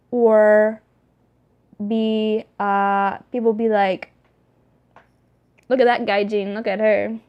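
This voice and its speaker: A young woman vlogging to her camera, chatty and rambling with lots of fillers and restarts. Her voice sits a little high, and she talks with animated energy. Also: lo-fi sound. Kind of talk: casual vlog talk to camera.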